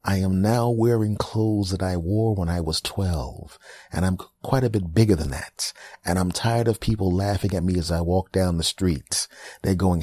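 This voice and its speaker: Podcast host, man, comic ranting monologue, warm mellow tone, dry close sound. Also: low-pitched, moderate pace, dry recording. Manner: ranting, self-deprecating storytelling. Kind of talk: comedic monologue.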